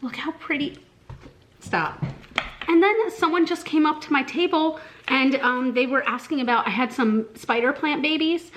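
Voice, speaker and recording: A woman with a Southern American accent chatting casually in a vlog, gushing and excitable, with lots of fillers. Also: high voice, normal speed, slight background noise. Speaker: vlogger.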